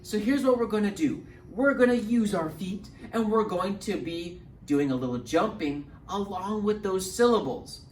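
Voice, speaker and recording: Librarian guy doing kids storytime, bouncy up and down voice, echoey room, mic kinda far. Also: sits high. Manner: animated, encouraging, speaks slowly to little ones. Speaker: children's librarian. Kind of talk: children's storytime lesson. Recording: roomy, distant mic, faint hum.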